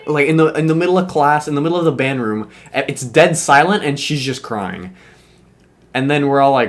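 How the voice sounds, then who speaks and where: A young man telling a school story in a casual, animated way, full of slang, swearing and fillers. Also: medium pitch, moderate pace.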